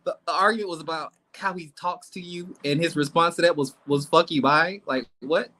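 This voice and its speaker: Blunt, animated male tarot reader. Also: a little high, a little fast, rough recording. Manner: blunt, animated, swears and laughs a lot. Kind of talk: casual live tarot reading.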